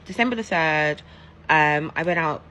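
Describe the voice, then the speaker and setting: A woman's voice: deep voice, normal speed, noisy background. A woman with an English accent telling a casual, chatty story-time in an emphatic, gossipy way. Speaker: social media storyteller.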